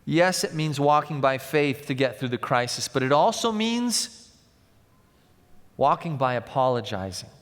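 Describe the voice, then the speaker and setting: A male pastor preaching a sermon, telling stories and swinging from loud to hushed. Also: medium pitch, lively intonation, measured pace. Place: large church. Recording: long church hall reverb.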